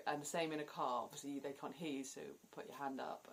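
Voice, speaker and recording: Low-voiced southern English woman vlogging. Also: big pitch swings, moderate pace, pushed and bright, slight background noise. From southern England. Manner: chatty, laughs often between points. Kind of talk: casual explanatory vlog.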